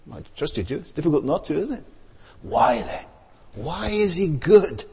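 A man's voice: fairly high pitch, very animated, unhurried, darkish tone, husky, long reverb tail. A man preaching a sermon in a conversational way, full of tag questions and fillers.

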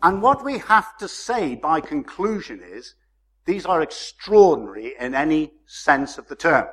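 A man preaching a sermon in a measured, emphatic way, slowing down to stress key phrases. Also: a little high, sing-song, a bit bright.

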